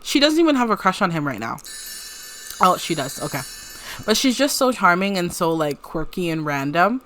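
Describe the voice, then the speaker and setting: A woman's voice: fairly low pitch, sing-song, moderate pace, a bit bright, a little hiss or hum. A woman giving casual, chatty let's-play commentary on a life-simulation game, giggling often. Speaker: gameplay creator.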